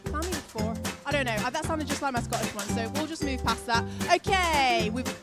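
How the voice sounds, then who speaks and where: A woman's voice: high voice, a little fast, over loud music. A young woman hosting a children's church session online, chatty and upbeat with a slightly scattered delivery.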